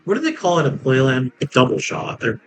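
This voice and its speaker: A man's voice: mid-range voice, wildly swooping pitch, a little fast, gravelly, low-quality recording. Joking let's-play man, faint music behind. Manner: joking, rambling, laughs at his own jokes. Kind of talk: casual gameplay commentary.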